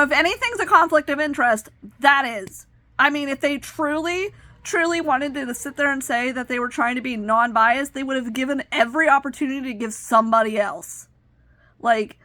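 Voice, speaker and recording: A woman's voice: high-pitched, pushed and bright, no room sound. A woman in her thirties telling a personal story with emotional, indignant retelling. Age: 30s. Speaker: vlogger.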